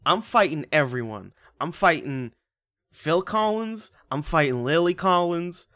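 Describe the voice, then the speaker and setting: A man rants and swears his way through a casual chat, his voice leaping up and down in animated bursts. He sounds dry and close to the mic. He jokes loudly and keeps piling on complaints. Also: on the high side, measured pace, no room sound. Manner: animated, profane, ranting. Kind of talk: casual chat, film review.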